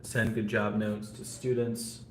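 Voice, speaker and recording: A man's voice: on the low side, flat delivery, measured pace, reverberant, slight background noise. A man casually chatting with viewers on a live stream, rambling with lots of fillers and no regional accent. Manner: rambling, talks to chat viewers, frequent fillers. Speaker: vlogger.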